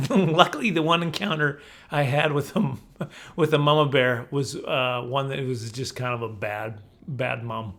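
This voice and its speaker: A man's voice: medium pitch, unhurried, fairly bright tone. A man in his forties telling a rambling, self-correcting story to camera, laughing often. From Canada. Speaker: comedian vlogger.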